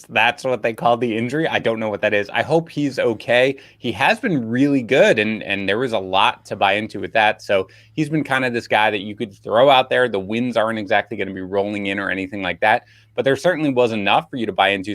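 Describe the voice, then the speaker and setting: A man's voice: on the low side, fairly bright tone, dry recording, studio quality. A man co-hosting a live fantasy baseball podcast, chatting and breaking down players, sometimes getting fired up. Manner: chatty, analytical, gets fired up. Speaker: podcast co-host. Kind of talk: casual fantasy baseball talk.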